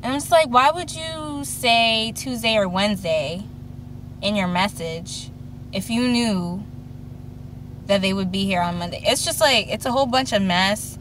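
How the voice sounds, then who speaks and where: A woman's voice: mid-range voice, a little slow, a bit bright, a little hiss or hum. Chatty young woman telling a story. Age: 20s. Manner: chatty storytelling, acts out quoted voices. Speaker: vlogger. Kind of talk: casual chat.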